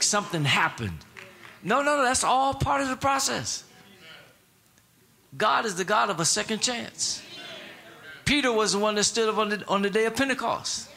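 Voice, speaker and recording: A man's voice: high-pitched, bright, forceful tone. A man preaching a sermon in a casual, colloquial way, repeating his words and prompting the congregation to answer back. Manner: repetitive, call-and-response prompts to the congregation.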